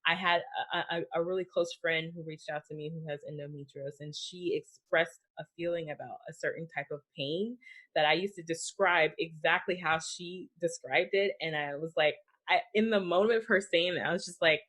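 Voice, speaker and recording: A woman's voice: sits low, brisk, fairly bright tone. A woman hosting a conversational interview, speaking in a heartfelt way with lots of filler "likes". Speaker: podcast host.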